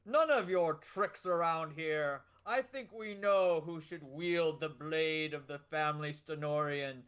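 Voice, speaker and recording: A man's voice: on the high side, unhurried, clean tone. A man voicing a muscular, boastful minstrel who speaks boldly. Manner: bold, loud and proud. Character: buff boastful male minstrel.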